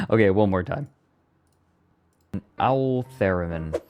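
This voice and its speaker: Slow, low-voiced male streamer. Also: lively intonation, darkish tone. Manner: rambling, self-amused, breaks into laughter. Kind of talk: casual live-stream chat.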